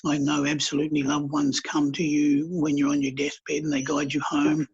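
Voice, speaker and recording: A man, a counsellor, telling stories calmly and earnestly in a podcast interview, with blunt colloquial words. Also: on the high side, moderate pace, vocal fry, breathy edge. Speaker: counsellor and healer guest. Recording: dull lo-fi podcast audio.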